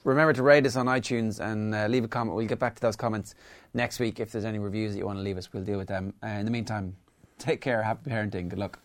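A middle-aged Irish man hosting a relaxed podcast chat. His voice sits fairly low, and he talks in halting bursts, often restarting a thought or padding it with "like". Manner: hesitant, restarting, lots of "like". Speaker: podcast host. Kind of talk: casual chat.

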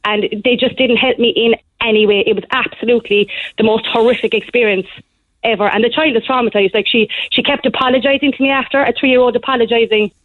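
A young woman on a tinny phone line, her voice sitting a little high. She talks in an animated, breathless rush, like a caller pouring out a story on air. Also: fast, no room sound. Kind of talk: phone-in call to a radio show.

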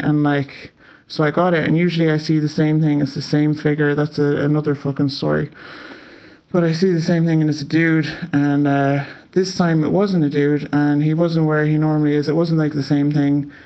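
A man's voice: fairly high pitch, level tone, a little fast. Chatty Irish guy, muffled lo-fi sound. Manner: chatty, swears often, many filler "like"s. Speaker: storyteller. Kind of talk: casual spoken storytelling. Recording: slightly muffled lo-fi audio.

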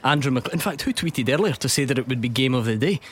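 A man's voice: medium pitch, animated, slight background noise. A Scottish man hosting a football radio show, trading jokes and reading out scores in a studio. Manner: jokey, quick to laugh. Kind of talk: casual studio chat and score updates. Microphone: studio microphone.

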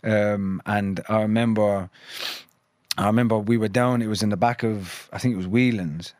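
A man's voice: lowish voice, steady tone, moderate pace, a little mellow, no room sound, clean studio sound. A man in his thirties from London and Ireland, a guest musician rambling in casual conversation with lots of fillers and swearing.

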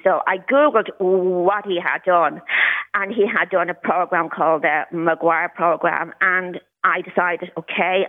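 A woman, a caller on a radio phone-in, talking candidly with occasional stuttered repetitions. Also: lowish voice. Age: 60s. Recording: tinny phone line.

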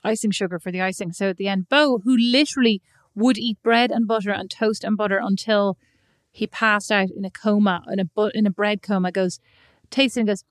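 A middle-aged woman co-hosting a podcast, chatting casually and telling stories in a calm way. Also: medium pitch, brisk, dry recording, clean studio sound. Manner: calm, storytelling. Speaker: podcast co-host. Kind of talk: casual chat.

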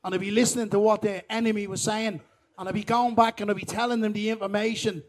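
A man with a Dublin accent voicing a boastful male talking dog in a stage joke, bragging in a low-key, matter-of-fact way. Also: level tone, fast talker, close to an everyday voice. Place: festival stage.

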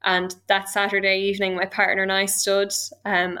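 A young woman with an Irish accent tells her own story in a candid, emotional way. Her voice is bright and forceful, and her pitch sits in an ordinary middle range. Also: completely flat delivery, moderate pace, few pauses, smooth. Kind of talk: personal account.

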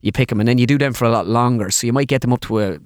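Young Irish male impressionist, radio guest, rapid-fire storyteller, dry close studio mic. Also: mid-range voice, clean tone, no echo. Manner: rapid, animated anecdotes with laughter. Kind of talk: casual radio interview storytelling.

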